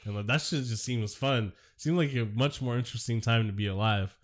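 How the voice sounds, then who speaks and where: A man's voice: medium pitch, fairly quick. A man co-hosting a podcast in casual chat, rambling and swearing, still getting over a cold and coughing now and then. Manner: rambling, swears a lot, breaks into silly voices. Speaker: podcast co-host.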